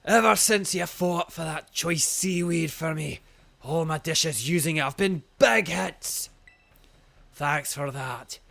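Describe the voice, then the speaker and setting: A man doing a boisterous old Scottish chef who leads a gym in a game, all hearty folksy charm. He stretches his words slowly and booms them out, bright and forceful. A proud old-timer fully enjoying the moment. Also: creaky, exaggerated voice. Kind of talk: reading game dialogue aloud.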